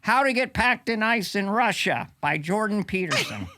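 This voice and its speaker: Snarky high-voiced comic man. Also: very animated, bright, forceful tone, a little hiss or hum. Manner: snarky, quick asides, chuckling commentary. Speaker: podcast host. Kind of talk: comedic monologue.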